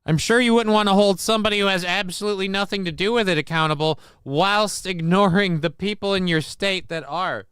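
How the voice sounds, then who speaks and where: A man's voice: sits high, fairly quick, hardly any pauses, a bit bright, clean tone, no room sound. A man hosting a podcast, ranting angrily and sarcastically with profanity about politics from a home studio. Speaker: podcast host. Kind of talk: heated political rant.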